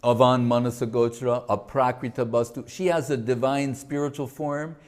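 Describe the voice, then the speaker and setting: A man voicing a calm male saint who patiently explains a point of scripture. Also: mid-range voice, normal speed, lightly acted. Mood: explaining.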